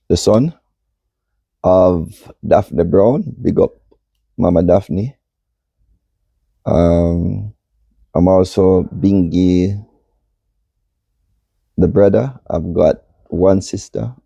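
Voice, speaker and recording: A man in his sixties, hoarse after losing his voice, giving slow, measured answers as a podcast guest. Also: deep voice, dark tone, dry recording. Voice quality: gravelly, husky. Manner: slow, measured and unhurried, speaks in long pauses. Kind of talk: reflective interview answers.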